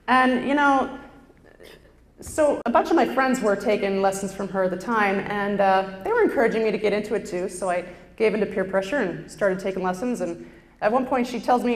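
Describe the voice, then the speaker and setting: A woman's voice: medium pitch, normal speed. Chatty woman storytelling on a roomy stage. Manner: self-deprecating, chatty, with frequent "uh" fillers. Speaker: stand-up performer. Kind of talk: stand-up storytelling. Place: stage before a live audience. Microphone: lapel mic. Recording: roomy stage hall echo.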